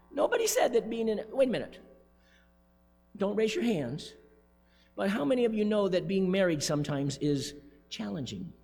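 A man's voice: sits high, big pitch swings, normal speed, gravelly, long pauses, darkish tone. A man preaching a sermon as pastor, emphatic and joking, repeating his key points. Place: church sanctuary, speaking from the pulpit. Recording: long church reverb, faint music.

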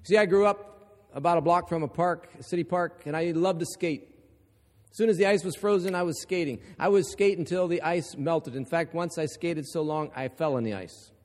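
A man from Ohio preaching a sermon, emphatic and building to forceful repeated lines. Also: fairly high pitch, moderate pace, in a large hall.

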